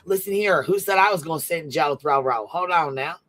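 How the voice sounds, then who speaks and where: A man on a livestream panel, chatting loudly with jokes and cursing. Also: on the high side, a little fast. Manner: loud, profane, joking. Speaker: panel guest. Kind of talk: casual livestream chat.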